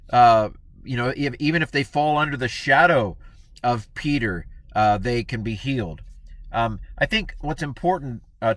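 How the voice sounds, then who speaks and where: A man's voice: mid-range voice, a bit bright, no echo. A man giving a casual Bible lesson in a chatty, playful way, acting out the people he quotes. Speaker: Bible teacher.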